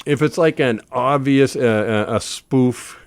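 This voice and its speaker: A man with a Boston accent, a stage actor telling stories as a talk-show guest, animated and full of restarts. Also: medium pitch, a little slow, no echo. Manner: animated storyteller with many restarts. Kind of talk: casual talk-show chat.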